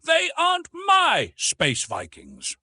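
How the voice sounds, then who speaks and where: A man's voice: mid-range voice, big pitch swings, normal speed, fairly bright tone, husky, dry recording. A man voicing a blunt, wry male space-fleet commander in an audiobook. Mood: tense.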